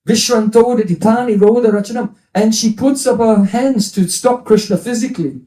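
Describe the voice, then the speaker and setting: High-voiced man giving a devotional lecture. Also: moderate pace, warm tone, roomy sound, poor audio. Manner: explains scripture terms, playful asides. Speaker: spiritual teacher.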